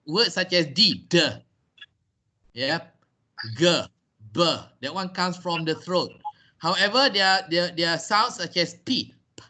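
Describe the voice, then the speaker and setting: A man's voice: high voice, sharp tone. A man with a Malaysian accent teaching English in a video call class, answering questions patiently and explaining step by step. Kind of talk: online class Q&A.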